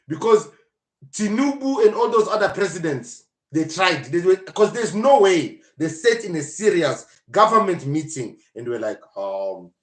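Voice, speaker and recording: A man hosting a casual live podcast, talking in an animated, mocking and joking way. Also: high-pitched, unhurried. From South Africa. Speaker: podcast host. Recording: roomy echo.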